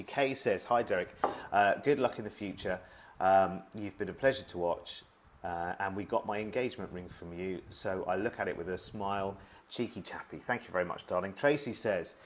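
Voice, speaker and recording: A middle-aged man chatting at home on a live video stream, reading out viewer messages in a friendly, self-deprecating way. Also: lowish voice. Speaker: former shopping channel presenter.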